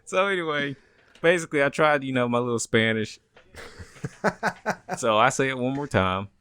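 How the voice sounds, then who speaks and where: A man's voice: mid-range voice, normal speed, pushed and bright, smooth, no room sound. A man co-hosting a podcast in casual chat, telling a story with frequent laughter and acting out other people's voices. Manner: laughs often, acts out voices in stories. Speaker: podcast co-host.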